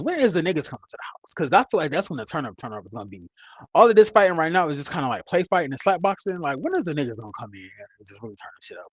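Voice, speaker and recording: A man's voice: on the high side, dry recording, low-quality recording. Rambling, blunt man in his thirties. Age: 30s. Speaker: reality TV reviewer. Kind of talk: casual commentary.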